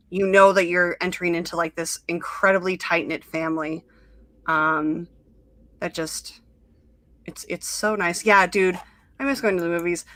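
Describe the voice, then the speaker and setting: Bright chatty young woman host. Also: on the low side, no room sound. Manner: chatty, many fillers and quoted asides. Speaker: podcast host. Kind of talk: casual chat.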